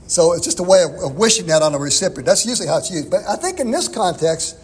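Husky high-voiced man preaching. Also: big-room sound. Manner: expository, conversational, chuckles often. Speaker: pastor. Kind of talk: sermon.

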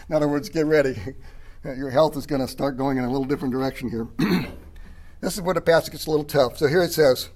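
Throat-clearing pastor teaching a passage. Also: male voice, fairly high pitch, a little fast, a little mellow. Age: 30s or older. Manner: conversational, frequent throat clearing. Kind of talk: sermon teaching.

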